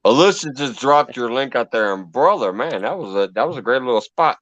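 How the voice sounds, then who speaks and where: A man's voice: medium pitch, expressive, a little fast, fairly bright tone, no echo, lo-fi sound. A man hosting an online panel, enthusiastic and profane, calling people brother. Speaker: panel host. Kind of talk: casual chat.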